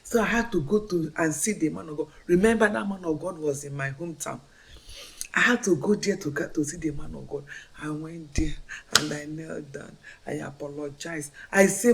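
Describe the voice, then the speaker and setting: A middle-aged Nigerian woman tells her life story as a fervent testimony of faith, repeating phrases with emphatic swings. Her voice is low and creaky, at a normal speed.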